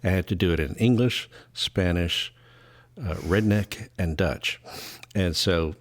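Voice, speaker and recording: A man's voice: low-pitched, takes it slowly. A middle-aged man co-hosting a podcast, chatting casually, rambling through stories and chuckling often. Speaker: podcast co-host, voice actor. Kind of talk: casual chat.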